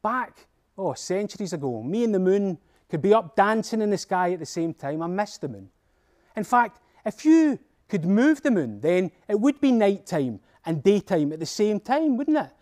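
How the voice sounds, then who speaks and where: The sun, voiced by a Scottish man muses in a friendly, reminiscing way, its voice rising and dipping with feeling. A gentle storybook figure who longs for old times. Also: sits high, very animated, moderate pace, pitched above the performer's own voice. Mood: musing. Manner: friendly and musing. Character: wistful old sun who misses the moon.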